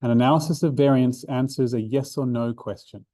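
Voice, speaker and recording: A man's voice: medium pitch, fairly even intonation, brisk, dark tone, no room sound. A man, a maths learning centre coordinator, explains a revision seminar step by step with fillers and restarts. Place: room, drawing notes for an overhead camera.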